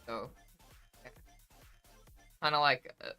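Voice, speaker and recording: A young woman streaming from home, talking loosely with her chat in a bright, forward voice. She sounds emotional, close to tears, and swears freely. Soft music plays faintly behind her. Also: extremely low pitch, slow pace. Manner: chatty, swears freely, reads chat aloud. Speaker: livestreamer. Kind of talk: casual chat with stream viewers.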